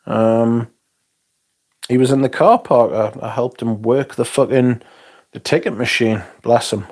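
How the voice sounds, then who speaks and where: A man's voice: mid-range voice, unhurried, a little mellow. A man from England, chatting casually on a livestream, reading out comments with blunt, sweary, dry humour. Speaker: livestream host reviewing fragrances.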